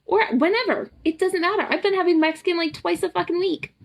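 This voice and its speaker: A young adult woman with a Southern US accent, a boudoir photographer and empowerment coach, delivers a blunt, profane, ranting pep talk on a casual live stream. Her voice is extremely high-pitched and fast, with vocal fry.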